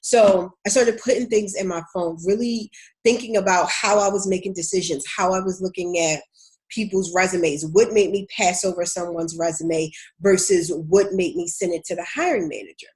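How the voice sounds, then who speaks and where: A woman's voice: on the low side, steady tone, normal speed, darkish tone. A woman with a Baltimore accent, a career coach speaking candidly and casually to viewers on a live stream. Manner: candid, chatty, addresses viewers as y'all.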